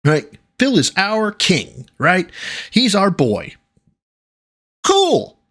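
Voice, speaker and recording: Lively sarcastic male streamer. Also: high voice, extremely slow. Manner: sarcastic, profane, mocking. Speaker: streamer reacting to clips. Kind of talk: casual livestream commentary.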